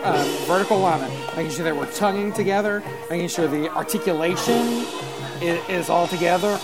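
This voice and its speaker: A man giving live spoken feedback as a music judge, halting with many fillers and singing rhythms out as syllables. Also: on the high side. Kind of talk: live spoken adjudication over a performance. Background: loud marching band music.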